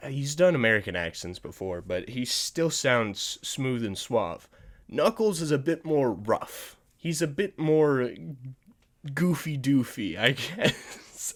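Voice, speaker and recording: A man hosting a podcast, chatting casually about movie news in a rambling way, restarting sentences and chuckling at himself. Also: medium pitch. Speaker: podcast host.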